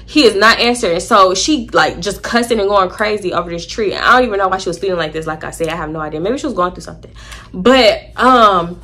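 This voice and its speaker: A young woman casually telling a storytime to her viewers, animated and acting out what people said. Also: medium pitch, a little fast. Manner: animated, acts out quoted voices, addresses viewers as y'all.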